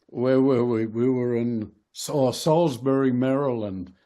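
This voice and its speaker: A man's voice: mid-range voice, dark tone. An older man, a retired wrestler, telling road stories as an interview guest, rambling with many fillers. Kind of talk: casual storytelling interview.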